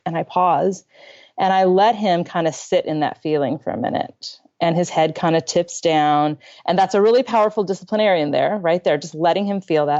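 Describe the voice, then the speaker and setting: A woman guest on a parenting interview, telling a personal story in a candid, self-deprecating and animated way from her room at home. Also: on the low side, brisk, highs cut off. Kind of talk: conversational storytelling.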